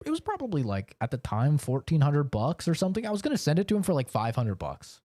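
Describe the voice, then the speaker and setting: A man's voice: fairly high pitch, big pitch swings, fairly quick, warm tone, no echo, clean studio sound. A man from the United States streaming from his home office, rambling in a casual, profane rant. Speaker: game streamer. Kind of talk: casual chat while streaming.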